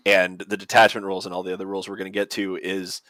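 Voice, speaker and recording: A man's voice: deep voice, completely flat delivery, fast talker, a bit bright, dry recording. A man co-hosting a podcast who talks through game rules in a casual, methodical way with plenty of fillers. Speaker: podcast co-host. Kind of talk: casual explanatory chat.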